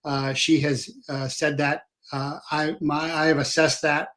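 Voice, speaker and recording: A man, a former federal agent, hosting an interview and talking in a hesitant way, with many pauses and fillers. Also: on the high side, level tone, a bit bright. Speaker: podcast host. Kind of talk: conversational interview.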